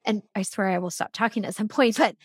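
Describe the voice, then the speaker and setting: A woman in her thirties tells a personal story as a podcast guest, earnest and animated. Her voice sits at a middle pitch, and she drops "like" into many phrases. The recording is dry and close, with no room sound. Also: fast talker, slightly rough, no room sound. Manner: earnest and animated, frequent "like" fillers. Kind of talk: candid conversational storytelling.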